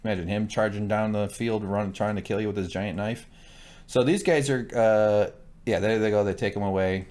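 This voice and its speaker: A man's voice: lowish voice, moderate pace. A man co-hosting a casual shot-by-shot recap, joking, swearing and mimicking characters as he talks. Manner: animated, joking, voices characters mid-sentence, profane. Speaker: podcast co-host.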